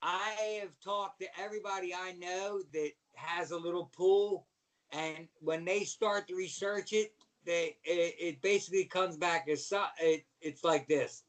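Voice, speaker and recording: Middle-aged man, high voice, animated profane storyteller, podcast guest. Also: measured pace, far from the mic. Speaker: guest, former pro wrestler. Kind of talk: storytelling in casual chat.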